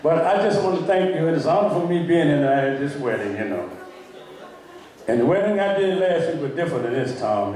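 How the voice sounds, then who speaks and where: An older man giving a joking, rambling wedding toast, halting and telling tall tales with a laugh. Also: mid-range voice, a little mellow. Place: wedding reception hall. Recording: very echoey hall, speaker far from mic.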